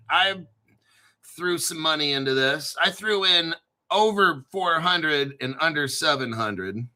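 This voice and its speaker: Excitable, profane New Jersey man. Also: a little high, measured pace. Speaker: crypto channel host. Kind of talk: casual livestream chat.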